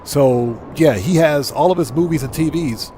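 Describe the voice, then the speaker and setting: A man's voice: on the high side, normal speed, dark tone, slight background noise. A middle-aged man hosting a gaming livestream, chatting casually, rambling and correcting himself as he reads chat aloud. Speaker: livestream host.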